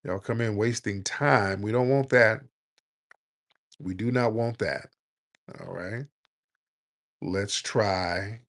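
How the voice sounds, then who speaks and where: A man hosting a call-in show, blunt and joking, scolding his callers in loud, casual talk. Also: on the low side, slow pace, gravelly, long pauses. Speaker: radio call-in host.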